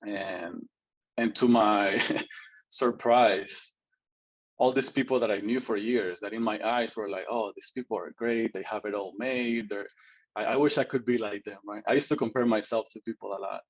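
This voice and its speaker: A man's voice: lowish voice, steady tone, moderate pace, muffled recording. A man telling his personal story as an interview guest, earnest and chatty, often adding "right?" and laughing a little.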